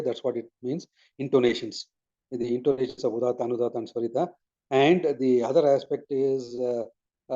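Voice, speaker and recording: A man walks through a study presentation in a mellow, dark-toned voice, pausing often with fillers as he explains. The sound is dull and lo-fi, like an online call. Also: medium pitch. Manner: measured explaining with many fillers.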